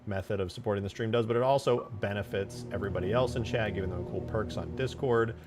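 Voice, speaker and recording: A man hosting a casual livestream, joking, swearing, and loudly thanking viewers for gifts. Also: fairly low pitch, fast, music in the background. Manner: excitable, yells in thanks for gifts. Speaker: livestream host.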